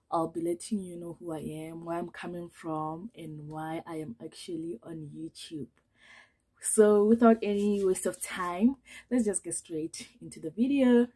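A woman's voice: fairly low pitch, dark tone, breathy edge. A young woman from Africa, chatting nervously to camera as she introduces herself on her vlog. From South Africa. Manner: nervous, chatty, many fillers. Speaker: vlogger. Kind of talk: casual chat to camera.

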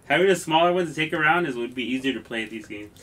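A man chatting calmly beside someone playing a video game, giving low-key advice. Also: racing. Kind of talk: casual chat beside a gamer.

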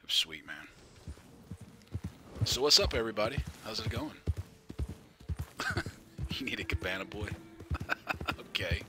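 A man's voice: fairly low pitch, sing-song, a little slow, long pauses, over music. A man streaming a game live, chatting casually, greeting viewers by name and laughing often.

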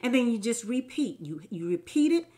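A woman's voice: a little high, very animated, moderate pace. Folksy woman cooking. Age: middle-aged. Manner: folksy, chatty, talks straight to viewers; often drops to a soft murmur. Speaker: home cook showing a recipe. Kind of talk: casual cooking demonstration.

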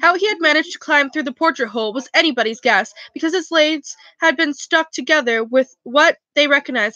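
Read the novel steadily and fix your slips as they come, keeping your voice high and bright. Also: female voice, no room sound, highs cut off. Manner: steady, with self-corrections. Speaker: reader. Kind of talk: reading a novel aloud.

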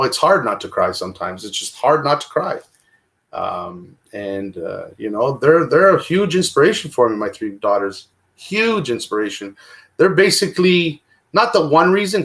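A man talking on a video call about his past, emotional and repeating himself, swinging between loud bursts and hushed words. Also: medium pitch. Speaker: guest. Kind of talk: candid conversation about recovery.

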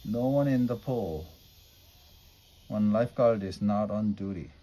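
A man narrating a children's storybook aloud in a clear, steady reading manner. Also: fairly low pitch, a little slow.

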